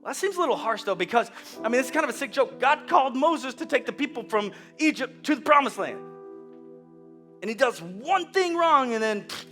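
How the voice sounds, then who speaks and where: Animated pastor preaching over music. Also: male voice, extremely high pitch, fairly quick. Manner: animated storytelling, swinging from hushed to loud. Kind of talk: sermon.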